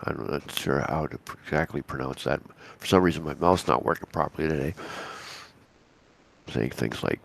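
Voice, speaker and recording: A man, hoarse and raspy from a cold, co-hosting a live futures trading stream in a chatty, rambling way with many restarts. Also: extremely low pitch, normal speed, slight background noise. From Canada. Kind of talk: casual live market commentary.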